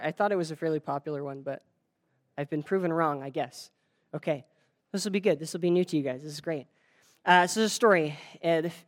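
A preacher tells a story during a sermon in a loose, conversational style. The speaker talks straight to the listeners, often stumbling over words and restarting sentences. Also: medium pitch. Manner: conversational, many restarts and fillers; addresses the audience directly.

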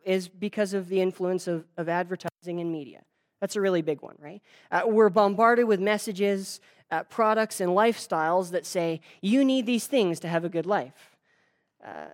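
A preacher tells a story during a sermon in a loose, conversational style. The speaker talks straight to the listeners, often stumbling over words and restarting sentences. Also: medium pitch. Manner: conversational, many restarts and fillers; addresses the audience directly.

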